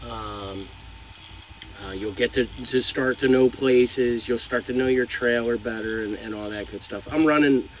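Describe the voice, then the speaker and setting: Young male truck driver, casual rambling vlog delivery, mid pitch, faint vehicle hum behind. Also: a little slow, rough recording. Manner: rambling, frank, swears casually. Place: inside a truck cab.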